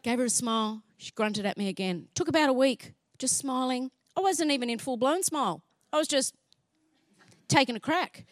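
A woman sharing a faith testimony as an animated story, acting out dialogue and laughing often. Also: high voice, normal speed, no room sound, clean studio sound.

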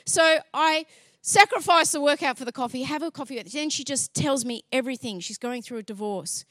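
A high-voiced woman tells her faith story with lots of life, acting out each line of dialogue and breaking into laughs. The sound is dry and close, with no room echo. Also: normal speed. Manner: lively, acts out dialogue, laughs often. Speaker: speaker sharing a faith testimony. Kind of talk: animated storytelling testimony.

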